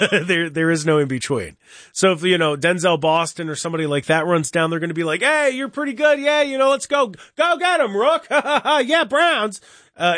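A man hosting a sports radio show, talking in an animated, opinionated way, with mocking impressions and frequent restarts. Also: fairly high pitch, no room sound, studio quality.

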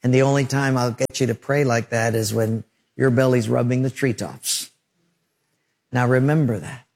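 A pastor preaching a radio sermon, telling stories earnestly and repeating lines for emphasis. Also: male voice, medium pitch, fairly even intonation, normal speed, vocal fry, a little mellow. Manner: earnest, storytelling, emphatic repetition.

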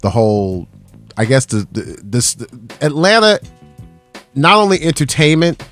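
A man hosting a radio show in a studio, playful and hyped, talking in quick bursts with restarts. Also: medium pitch, very animated, a bit bright, soft background music. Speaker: radio host. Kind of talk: morning radio banter. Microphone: studio mic.

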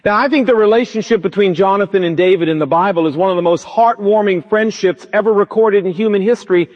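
A man's voice: high voice, fast talker, few pauses. Male pastor, emphatic sermon delivery, storytelling, long hall reverb, dull lo-fi sound.

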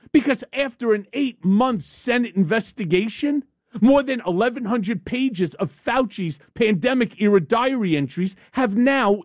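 A woman's voice: a little high, a little mellow, no room sound, studio quality. A woman hosting a call-in radio talk show, delivering an emphatic, rhetorical opinion monologue in short punchy sentences.

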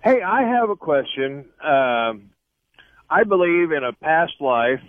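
A man's voice: on the high side, lively intonation, slow, dry recording. A man who is a first-time caller, speaking hesitantly about his troubles. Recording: phone line.

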